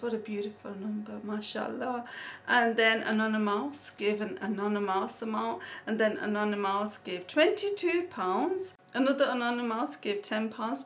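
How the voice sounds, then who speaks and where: A woman with a fairly high voice, chatting casually to her viewers as a vlogger. She reads out names and thanks each donor with Islamic blessings, laughing here and there. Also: fairly bright tone. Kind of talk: casual chat.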